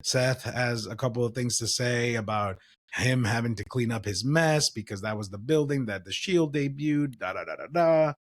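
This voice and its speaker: A man's voice: mid-range voice, normal speed. Give me a man co-hosting a casual podcast, giving a loose play-by-play recap with fillers. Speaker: podcast co-host. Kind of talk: casual wrestling recap chat.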